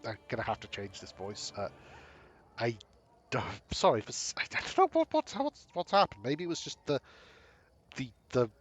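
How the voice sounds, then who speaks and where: A streamer talking through a game in a hesitant, self-deprecating way, with plenty of fillers. His voice sits in a middle pitch over soft background music. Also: wildly swooping pitch, normal speed, breathy edge. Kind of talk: game playthrough commentary.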